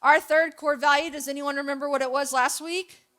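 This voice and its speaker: A young woman gives a relaxed church sermon, full of stories and asides to her listeners. Her voice sits high and comes across bright and clear. She talks in a loose, jokey storytelling way. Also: brisk. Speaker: preacher.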